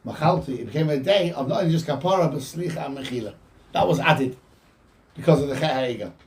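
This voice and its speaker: A man giving an informal Torah class, quoting Hebrew texts and explaining them in with lively energy. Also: a little high, fast talker. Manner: animated, quotes Hebrew texts then explains in English. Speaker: rabbi teaching a Torah class. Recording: voice from a distance from the mic.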